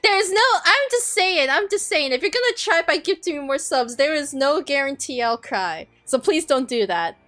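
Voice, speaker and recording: A woman's voice: high-pitched, expressive, normal speed, few pauses, fairly bright tone. A young woman vtuber chatting casually on a live stream, flustered and rambling, with lots of restarts and apologies. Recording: faint music behind. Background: faint background music.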